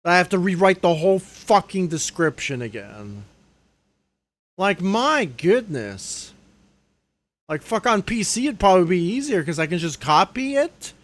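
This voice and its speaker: A man's voice: very animated, unhurried. Angry young man ranting on a livestream. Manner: angry, profane ranting, trailing off low on "dude". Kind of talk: live stream rant. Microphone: desk microphone.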